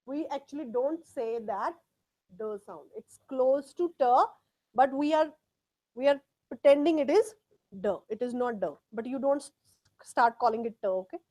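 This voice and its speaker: A woman's voice: sits high, moderate pace, dark tone. A woman teaching a live test class, drilling pronunciation by repeating words. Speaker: English test tutor.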